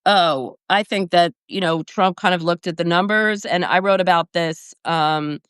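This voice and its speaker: A woman hosting casual political commentary over a video call, talking briskly and analytically with frequent fillers. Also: on the low side, smooth, no room sound, studio quality. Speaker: host.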